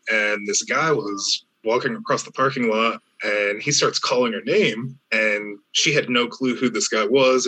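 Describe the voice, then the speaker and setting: A man with a bright, sharp voice tells a personal story in casual chat. He talks in a relaxed, meandering way, with many fillers and restarts. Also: lowish voice, rough recording. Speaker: storyteller in a conversation.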